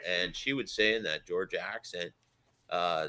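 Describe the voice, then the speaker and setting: A man, a historian and radio guest, telling stories with enthusiastic, animated emphasis. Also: deep voice, moderate pace. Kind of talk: phone-in radio commentary.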